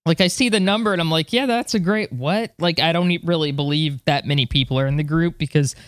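A woman's voice: low-pitched, a little fast, no echo, clean studio sound. An American woman co-hosting a podcast in casual chat, self-deprecating and full of fillers. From United States. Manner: chatty, self-deprecating, lots of fillers and laughs. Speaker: podcast co-host.

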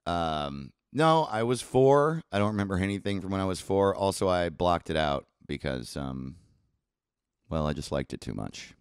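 A man's voice: low voice, moderate pace, clear, resonant tone, no echo, clean studio sound. A man from New York, a comedy podcast guest, telling stories animatedly and acting out the people in them. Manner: animated storyteller, acts out voices. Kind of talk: casual comedy chat.

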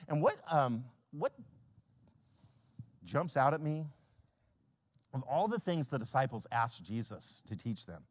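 A male pastor preaching a sermon, swinging from hushed lines to loud acted-out scenes. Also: mid-range voice. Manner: acts out little scenes in quoted voices.

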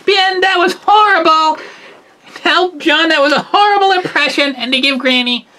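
A woman's voice: sits high, moderate pace, pushed and bright, a little hiss or hum, pitched above the performer's own voice. A woman voicing a whiny, creepy young female pony toy who keeps pleading.

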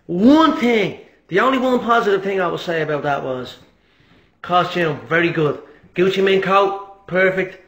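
A man's voice: high voice, measured pace, a bit bright, reverberant. A man impersonating a brash, boastful male fighter who swears and trash-talks. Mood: cocky.

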